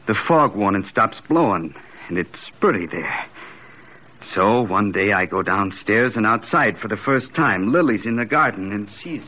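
A man's voice: lowish voice, unhurried, a little hiss or hum. A wry, slangy tough-guy gangster. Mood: gruff. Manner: slangy tough-guy talk, curt and deadpan. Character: hard-bitten male small-time gangster, wry and guarded. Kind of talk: 1940s radio acting. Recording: muffled old radio broadcast.

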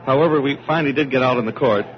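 A man's voice: mid-range voice, rapid-fire, slight background noise. Guy telling a tennis story easygoing, dull old recording. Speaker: tennis player recounting. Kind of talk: casual recollection.

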